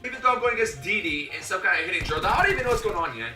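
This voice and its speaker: A young man telling a comedic story, animated and slangy, acting out his own voice and his coaches' voices. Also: sits high, racing. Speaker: YouTuber. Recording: echoey room, a bit distant from the mic, faint music.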